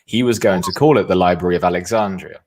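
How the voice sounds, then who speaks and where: A man hosting a casual interview, soft-spoken and hesitant, with many fillers. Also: low-pitched, fast, slight background noise. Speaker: host.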